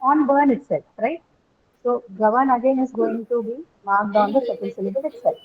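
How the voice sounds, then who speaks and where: A woman with an Indian English accent teaches an online class at a brisk pace, her voice pitched slightly high. She explains step by step and keeps checking understanding. The sound is tinny and narrow, like a phone line. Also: a crowd in the background. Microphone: video call.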